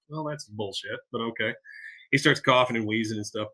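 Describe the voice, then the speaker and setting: Bright-voiced man recapping a cartoon episode. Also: medium pitch, moderate pace. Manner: animated, acts out quotes. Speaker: podcast co-host.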